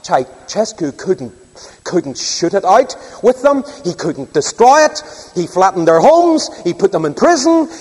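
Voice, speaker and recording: A man's voice: sits high, big pitch swings, a little slow, darkish tone, husky. An older man preaching a sermon, emphatic and full of rhetorical questions. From Northern Ireland. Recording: long hall reverb.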